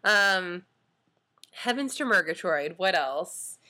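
A woman co-hosting a podcast, chatting casually and playfully, quick to laugh and fond of quirky expressions. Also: lowish voice, expressive, sharp tone. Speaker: podcast co-host. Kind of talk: casual chat about a TV show.

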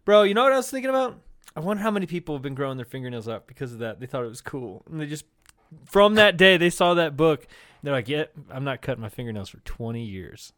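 A man's voice: fairly high pitch, big pitch swings, fast talker, fairly bright tone, dry recording, clean studio sound. A young man co-hosting a comedy podcast, teasing loosely and laughing often between lines. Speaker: podcast co-host. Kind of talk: profane comedy podcast chat.

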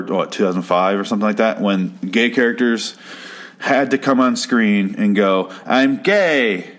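Profane, exasperated man ranting, low voice. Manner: profane, exasperated, rambling with restarts. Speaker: show recap host. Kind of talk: casual ranting commentary.

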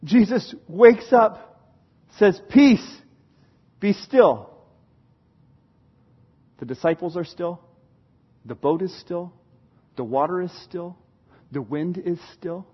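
A man preaching a sermon, swinging from loud dramatic retelling to hushed emphasis. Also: high-pitched, expressive, slow, long pauses, slightly rough, highs cut off. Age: adult parent. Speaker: pastor.

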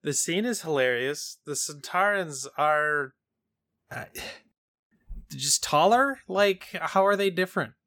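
Co-host, male, slightly high and bright voice, wry jokester, dry sound. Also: lively intonation, slow, no room sound. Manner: wry, joking. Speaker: podcast co-host. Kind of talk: casual podcast chat.

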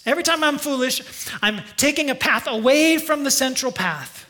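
Male pastor, very high voice, bright and forceful tone, earnest sermon delivery. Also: moderate pace. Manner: earnest, emphatic, leads the congregation in call-and-response.

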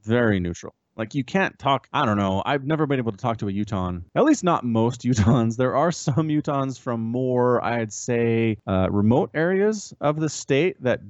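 A man co-hosting a podcast in casual, rambling chat that jumps up in pitch when he's amused. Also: lively intonation, normal speed, few pauses, no echo, dull audio. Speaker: podcast co-host.

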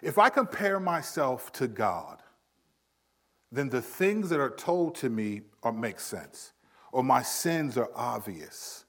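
A man in his thirties preaching a sermon in a conversational style, acting out quick quotes. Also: mid-range voice, big pitch swings, fairly bright tone. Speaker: pastor.

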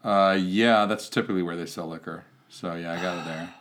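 A man's voice: low-pitched, fairly even intonation, a little fast, fairly bright tone. A man hosting a comedy podcast at home, talking in a wry, grumbling way and swearing casually. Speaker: podcast host. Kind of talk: casual chat.

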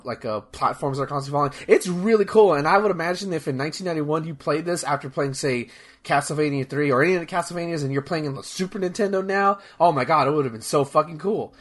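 Young male host, casual chat, a bit high-pitched, rambly and excited, swears freely. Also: fast. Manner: rambling, enthusiastic, profane, many fillers and restarts.

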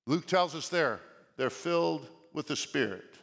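A male pastor preaching a sermon in an animated way, often asking the congregation questions. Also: a little high, slow pace, gravelly. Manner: animated, asks the congregation questions, shouts quoted lines. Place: church sanctuary. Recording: long reverb of a church hall.

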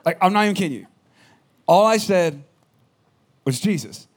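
Man, slightly high voice, sermon, personal storytelling, casual and animated, hushed in quiet parts. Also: moderate pace. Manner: storytelling, animated, drops to a hush at the quiet moments. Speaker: pastor.

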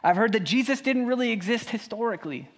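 A man preaching a sermon as a pastor, passionate, swinging between loud emphasis and quiet asides. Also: extremely high pitch, lively intonation, fast talker. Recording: long hall reverb.

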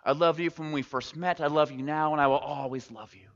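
A sweet little guinea pig reassures her sweetheart in a fable, spoken by a man. The voice rises a little and is soft and steady. The sound is dull and lo-fi, with a long echo from a large hall. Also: fairly high pitch, brisk, close to an everyday voice. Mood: tender.

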